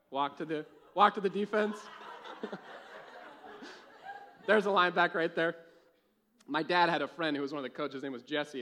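A young man preaching a sermon in a church, telling a lively personal story and laughing at his own jokes. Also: a little high, slight background noise. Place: church with a live audience.

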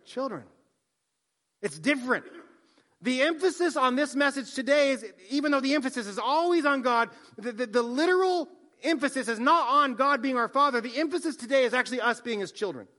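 A man, a pastor, preaching a sermon, swinging from soft hushed line endings to loud emphatic lines. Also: very high voice, expressive, a little fast.

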